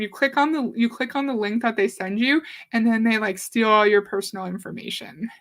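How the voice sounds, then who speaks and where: A woman from Canada talks casually on her livestream. Her voice sits a little high, and she chats with viewers, reads their comments out loud and swears lightly now and then. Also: fairly even intonation, fairly quick, hardly any pauses. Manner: chatty, reads viewer comments aloud, mildly profane. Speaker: livestream host. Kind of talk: casual live-stream talk.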